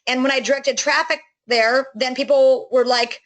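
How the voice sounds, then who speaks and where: A middle-aged woman giving an enthusiastic, chatty sales pitch for a network marketing business, with many fillers and restarts. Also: moderate pace, few pauses, poor audio.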